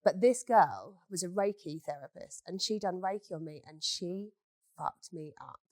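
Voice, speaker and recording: A woman's voice: fairly low pitch, lively intonation, normal speed, a little mellow, dry recording. A woman, a beauty business owner, telling stories in a candid chat and swearing freely. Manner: blunt, swears freely, storytelling.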